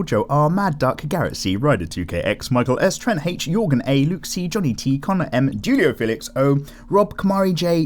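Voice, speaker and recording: A young man hosting an art channel, rambling and animated in casual chat while drawing. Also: medium pitch, slight background noise. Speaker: YouTube art channel host.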